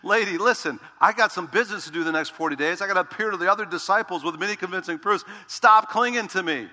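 A man's voice: sits high, fast, sharp tone, big-room sound, pitched above the performer's own voice. A preacher doing a firm, commanding male teacher.

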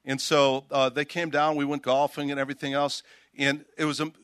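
An older man, a pastor, preaching a sermon outdoors, reading scripture aloud with emphasis and telling stories in an animated way. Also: a little high, fairly quick, clear, resonant tone, dry recording.

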